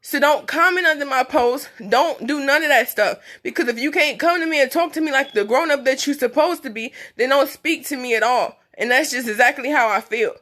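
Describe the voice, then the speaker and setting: A woman's voice: high-pitched, brisk, hardly any pauses, fairly bright tone. A young woman in her twenties, speaking in on a phone livestream, blunt and emphatic, and tearful as she talks. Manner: blunt, emphatic, repetitive, speaking through tears. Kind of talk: emotional personal livestream monologue.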